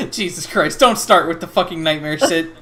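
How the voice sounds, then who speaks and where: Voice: mid-range voice, expressive, measured pace, fairly bright tone, slight background noise. A game master narrating a tabletop role-playing game in a loose, profane way, with laughing asides.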